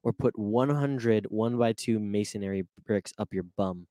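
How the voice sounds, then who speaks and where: A man's voice: fairly low pitch, measured pace, dark tone. A man co-hosting a casual podcast, trading jokes and laughing often. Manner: laughing, jokey banter. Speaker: podcast co-host. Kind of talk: casual chat.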